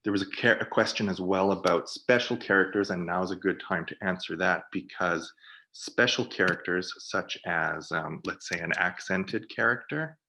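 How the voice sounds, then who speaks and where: A man on a video call, presenting for a product team and walking through software in a webinar while thinking aloud. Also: sits low, normal speed.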